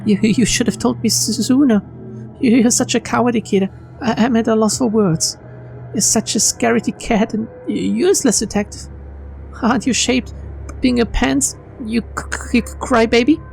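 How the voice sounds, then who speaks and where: A woman's voice: a little high, normal speed, vocal fry, darkish tone, soft background music, pitched above the performer's own voice. A woman voicing a bratty teenage girl assistant who stutters constantly and mocks people. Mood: teasing. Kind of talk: reading game dialogue aloud.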